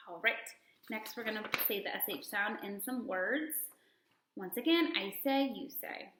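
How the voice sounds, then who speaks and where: A woman speech-language pathologist modeling sounds and words slowly and deliberately for children to repeat. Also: on the high side, a bit bright, echoey room. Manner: slow, deliberate word-by-word modeling. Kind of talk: speech therapy lesson.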